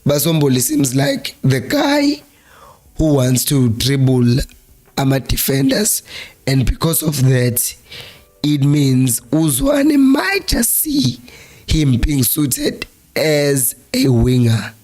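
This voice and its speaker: A hoarse South African man with a flu-worn voice, hosting a live-streamed football chat in a Zulu-accented mix of English and Zulu and reading viewer comments aloud. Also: mid-range voice, wildly swooping pitch, takes it slowly, darkish tone. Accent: South African, Zulu-speaking. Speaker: fan channel host.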